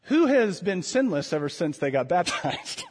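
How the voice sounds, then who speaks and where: Male pastor, conversational preacher with a high voice; long sanctuary reverb. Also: sing-song, moderate pace. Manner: conversational preaching with emphatic repetitions. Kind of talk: sermon. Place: church sanctuary.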